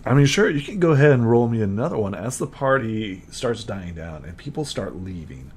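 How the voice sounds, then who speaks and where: Giggly, animated man running a tabletop game. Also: on the low side, brisk, husky. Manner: casual, giggly, many fillers. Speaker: game master.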